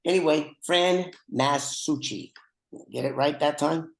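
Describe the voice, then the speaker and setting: Older male podcast host, casual and jokey, wanders off topic, a touch high-pitched, on a video call. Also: measured pace, creaky, poor audio. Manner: rambling, joking asides.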